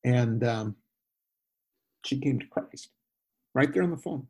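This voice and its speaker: A husky man recounts a story as an interview guest. He talks animatedly, jumping into quoted voices and often restarting his sentences. His pitch sits in an ordinary middle range. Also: takes it slowly, warm tone. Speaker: guest, former missionary. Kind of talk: conversational storytelling.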